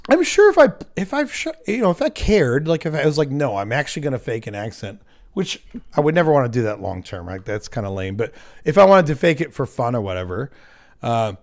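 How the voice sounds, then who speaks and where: A man's voice: mid-range voice, very animated, fairly quick. An American man hosting a casual livestream, rambling and self-mocking with lots of fillers and restarts. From United States. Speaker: livestream host.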